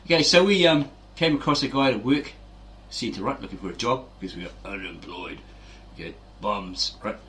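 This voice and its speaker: A man's voice: on the low side, expressive, moderate pace, a bit bright, a little hiss or hum. A middle-aged man hosting a fitness video, telling rambling casual stories and acting out quoted voices, with frequent "right?" tags.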